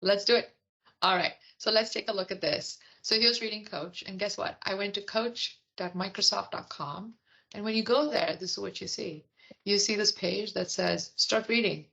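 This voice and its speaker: A woman's voice: medium pitch, steady tone, normal speed, gravelly, bright, forceful tone, lo-fi sound. A woman, a product leader, explaining and demonstrating an app in an upbeat, conversational way. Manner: upbeat, explanatory, frequent yeahs. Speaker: product leader interviewed as guest.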